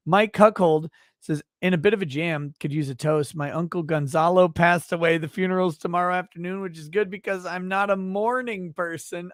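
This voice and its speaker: A man's voice: fairly high pitch, moderate pace, dry recording, clean studio sound. A middle-aged man hosting a casual late-night livestream, reading viewer messages aloud with loose, profane joking.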